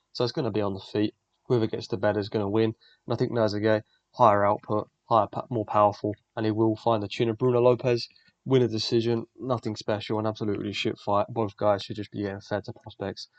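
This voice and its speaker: Man, young, fight-predictions host, blunt and swearing, low voice, dull lo-fi dry recording. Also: no room sound. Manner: blunt, profane, rambling, excitable. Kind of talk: casual solo commentary.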